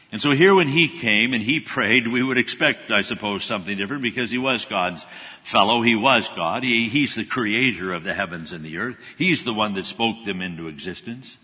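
Man preaching, husky bright voice, earnest, swells then hushes, long hall reverb. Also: fairly low pitch, normal speed. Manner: earnest, rises in intensity then drops to hushed, humble tones for scripture quotes. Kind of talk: sermon.

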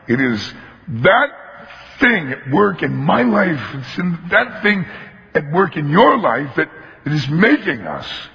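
A male pastor delivering a lively sermon, his bright, forceful voice swinging widely in pitch. Long reverb from a church hall hangs after each phrase, and the recording is dull and lo-fi. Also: measured pace, vocal fry. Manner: animated, emphatic storytelling, acts out voices.

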